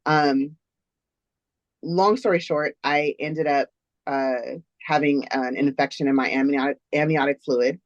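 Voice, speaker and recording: A woman's voice: sits low, fairly even intonation, unhurried, muffled recording. A woman shares a personal story as an interview guest. She recounts events earnestly, step by step. The recording is dry and close, with no room echo.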